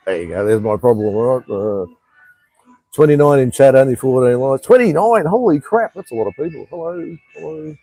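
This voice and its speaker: A man chats loosely on a live stream, cracking jokes and swearing without a second thought. His voice has a husky edge, and he rambles in an easygoing, slangy way. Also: mid-range voice, normal speed, long pauses, mellow, dry recording. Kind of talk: casual live stream chat. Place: living overseas in Cambodia.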